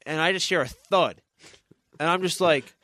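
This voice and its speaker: A man's voice: a little high, moderate pace, bright, forceful tone, no room sound, studio quality. A young man hosting a podcast, telling a long rambling story in casual chat with many restarts. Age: young adult. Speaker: podcast host.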